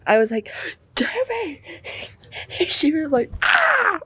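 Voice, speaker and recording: A teenage girl co-hosting a student podcast in loud, excitable casual chat, laughing often. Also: a little high, a little slow, breathy edge, no echo. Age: teens.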